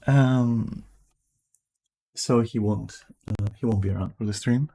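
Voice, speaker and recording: A man streaming from home with a raspy, just-woken-up voice, rambling casually and swearing now and then. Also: lowish voice, slow pace, warm tone. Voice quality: raspy morning voice. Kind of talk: casual livestream chat. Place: at home in front of a camera.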